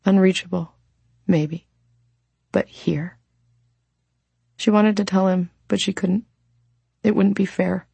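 A woman narrating a novel as an audiobook in a calm, reflective way. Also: mid-range voice, takes it slowly, gravelly, pauses often, breathy edge, no echo. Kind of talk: scripted narration.

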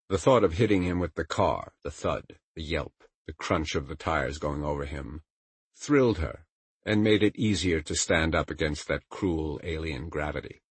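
Deep, husky male audiobook narrator. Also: no room sound. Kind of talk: scripted narration.

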